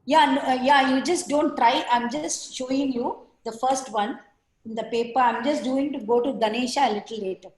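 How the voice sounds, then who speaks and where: Woman, art teacher, patient step-by-step, slightly high voice, echoey room on a video call. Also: moderate pace, darkish tone. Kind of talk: online art class demonstration.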